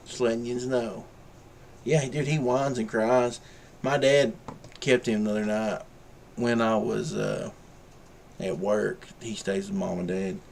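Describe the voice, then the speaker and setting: A man's voice: mid-range voice, gravelly, a little mellow, a little hiss or hum. A man chatting casually in a rambling, ranting way as the host of his own vlog. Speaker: vlogger.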